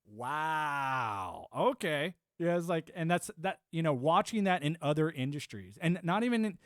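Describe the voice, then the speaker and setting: A man's voice: a little high, animated, a little slow, no echo, studio quality. A man in his forties ranting on a live stream, rambling and swearing, with lots of "you know". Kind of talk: ranting monologue.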